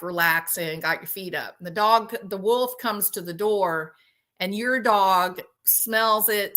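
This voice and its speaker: Bright-voiced woman hosting a chatty stream. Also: medium pitch. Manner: animated storyteller who laughs often. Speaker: host. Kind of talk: casual chat with live viewers.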